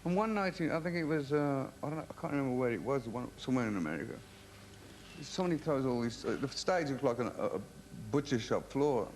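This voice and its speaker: A man's voice: medium pitch, animated, quick pace, darkish tone, a little hiss or hum. A man from England, a rock singer as a TV interview guest, telling rambling comic anecdotes full of stammered restarts.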